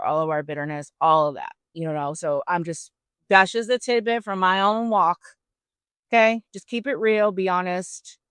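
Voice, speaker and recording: Chatty woman host with a smooth voice. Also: low voice, dry recording. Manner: animated, chatty, slangy asides. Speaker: podcast host. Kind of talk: casual faith-based storytelling.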